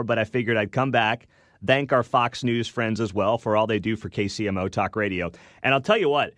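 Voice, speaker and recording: A man's voice: medium pitch, a bit bright, dry recording. A young man hosting morning talk radio, chatty and sarcastic, speaking into a studio microphone. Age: young adult. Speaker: radio talk show host.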